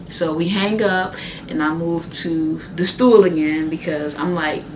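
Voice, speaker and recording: A young woman telling a personal story in a casual, animated way, full of fillers, sometimes acting out what others said. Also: low voice, unhurried. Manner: animated, acts out quoted voices, many "like" fillers. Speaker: new mother. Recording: echoey room with faint ambient noise.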